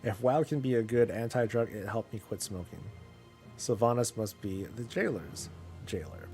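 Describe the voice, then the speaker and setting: A man's voice: lowish voice, moderate pace, warm tone, soft background music. A man streaming a casual chat about games, rambling with many fillers and restarts.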